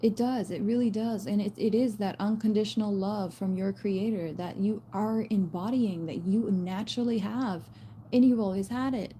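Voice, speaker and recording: A woman giving a casual spiritual message to her viewers, blunt and animated, swearing and using slang as she talks. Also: medium pitch, normal speed, slight background noise. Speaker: spiritual reader.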